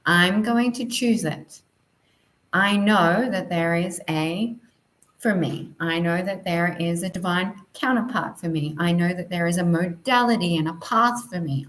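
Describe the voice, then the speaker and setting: A woman leads a guided spiritual lesson in a soft, flowing voice. She speaks a little low, affirming each point with gentle emphasis. Her tone stays calm and encouraging throughout. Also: low-quality recording. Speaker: spiritual teacher.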